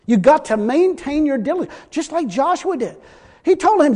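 A man's voice: extremely high pitch, animated, fairly quick, darkish tone, long reverb tail. A man preaching a sermon in a folksy, emphatic way, repeating his points.

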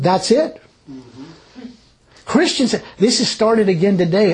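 A man's voice: on the high side, a little mellow. A man preaching a sermon, telling stories in a folksy, chuckling way. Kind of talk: sermon with personal storytelling.

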